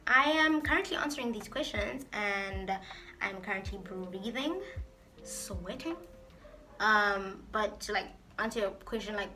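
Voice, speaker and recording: A woman's voice: mid-range voice, pushed and bright. A woman vlogger chatting casually through a get-to-know-me Q&A, reading out each question and answering it in a playful, talkative way.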